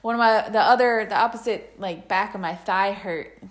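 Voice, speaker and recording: A woman's voice: mid-range voice, moderate pace. A woman in her thirties casually telling a story in a chat, often laughing as she talks.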